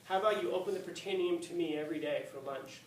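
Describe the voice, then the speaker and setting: A man's voice: high voice, quick pace, natural voice. A male teacher voicing a proud, defiant old male philosopher who reasons earnestly, recorded in an echoey classroom from a distance. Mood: cocky. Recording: echoey classroom, far mic, faint hiss.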